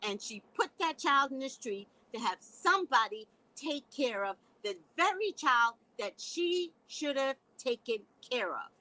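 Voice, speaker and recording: A woman's voice: sits high, animated, unhurried, hardly any pauses, pushed and bright, dry recording, rough recording. A middle-aged woman hosting a casual live stream, talking bluntly and sassily to her viewers and laughing as she goes. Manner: blunt, sassy, laughing, addresses viewers as guys. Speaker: psychic reader and live host.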